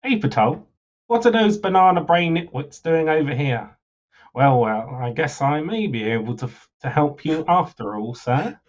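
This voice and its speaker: A man's voice: fairly high pitch, lively intonation, normal speed, highs cut off, voice pushed up, close to an everyday voice. A man voicing a scheming, sly male scimitar merchant, reading game dialogue aloud with hammy sales patter on a livestream.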